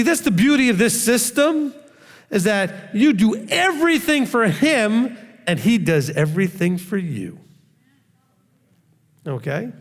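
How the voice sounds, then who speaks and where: A man's voice: high-pitched, big-room sound. A man, a rabbi, teaching a sermon in a conversational way, often checking in with his listeners and adding light joking asides.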